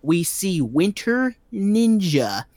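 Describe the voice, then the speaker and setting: A man's voice: sits high, sing-song, slow pace, a little mellow, no echo. A man giving a rambling, sarcastic recap of a movie's plot in a casual comedic style, full of fillers.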